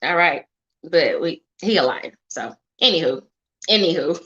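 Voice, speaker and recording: A woman's voice: low voice, animated, measured pace, a bit bright, muffled recording. A woman hosting a live-stream talk show, chatty, hyping up her viewers and saying okay and y'all often. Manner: chatty, hypes the audience, says y'all and okay a lot. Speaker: show host.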